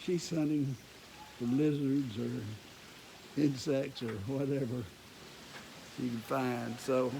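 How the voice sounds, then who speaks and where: Texan man, slow folksy rambling vlog chat, faint background hum. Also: medium pitch, fairly even intonation, creaky, mellow, rough recording. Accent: Texas. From Texas, USA. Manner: rambling, folksy, many fillers and restarts. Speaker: vlogger. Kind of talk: casual chat. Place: outdoors at home in the rain.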